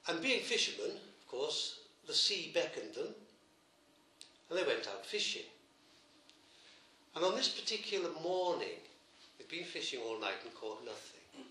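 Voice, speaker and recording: A man, a priest, preaching a sermon, retelling a gospel story gently with emphatic repetitions. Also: on the high side, very animated, a little slow, reverberant.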